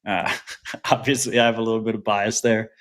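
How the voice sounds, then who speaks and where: A man's voice: lowish voice, flat delivery, brisk, a bit bright. A man co-hosting a podcast in casual chat, blunt and opinionated, swearing freely. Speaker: podcast co-host.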